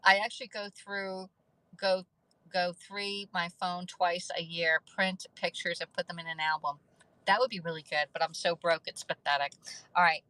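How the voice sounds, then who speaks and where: Middle-aged woman livestream host, low-ish voice, chatty and laughing, thanks viewers by name. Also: steady tone, moderate pace, sharp tone, dry recording, poor audio. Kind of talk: casual livestream chat.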